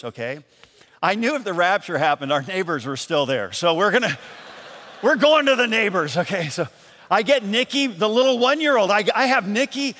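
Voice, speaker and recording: A man from Michigan preaching a sermon as pastor, telling a story in a lively, animated way and acting out the voices in it. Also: high voice, big-room sound. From Michigan, USA. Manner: storytelling, animated, acts out calls and quotes. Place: church.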